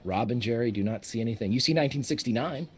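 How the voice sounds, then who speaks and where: A man running a tabletop game as game master, describing scenes in steady narration. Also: medium pitch, quick pace, breathy edge.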